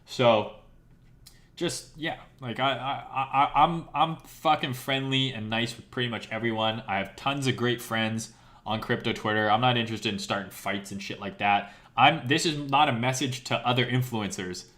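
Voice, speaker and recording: Man, hoarse worn voice, casual live-stream rant, blunt and profane, keeps asking "right?". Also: mid-range voice, moderate pace, fairly bright tone. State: losing his voice. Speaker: crypto trading streamer.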